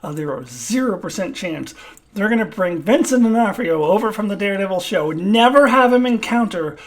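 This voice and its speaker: A woman reviews a TV series on her own, speaking off the cuff. Her voice sits at an ordinary middle pitch, and she stops often to search for the right word. She pokes fun at herself easily. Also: expressive. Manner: halting, pauses to search for words; self-deprecating, laughs at herself. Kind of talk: unscripted solo review.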